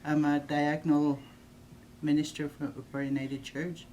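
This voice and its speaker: An older woman from Northern Manitoba, a church minister and elder, introducing herself in a video in an unhurried, halting way and repeating her words. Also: low voice, little pitch movement, mellow, slight background noise. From Northern Manitoba, Canada.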